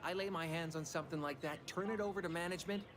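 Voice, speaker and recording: A man's voice: fairly high pitch, fast, music in the background, lightly acted. A man voicing a wheedling corporate schemer. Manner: folksy, wheedling salesman patter. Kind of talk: video game dialogue.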